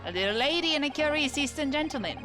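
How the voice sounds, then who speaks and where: A woman's voice: high voice, expressive, fast, pitched above the performer's own voice. Woman playing a courteous constable. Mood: formal. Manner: formal and courteous. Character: polite deferential British male police constable. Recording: game music behind.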